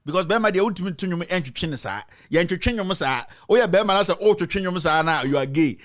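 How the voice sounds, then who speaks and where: A man's voice: high voice, brisk, fairly bright tone. A man hosting a commentary show, mocking and mixing English with Twi. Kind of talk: live commentary.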